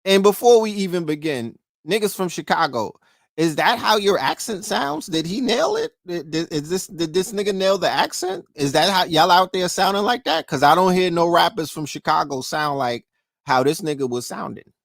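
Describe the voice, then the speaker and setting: A man's voice: sits high, lively intonation, normal speed, vocal fry, no room sound, clean studio sound. A middle-aged man with a New York accent hosting a casual show, talking profanely and throwing questions at his listeners. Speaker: podcast host. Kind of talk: casual livestream talk.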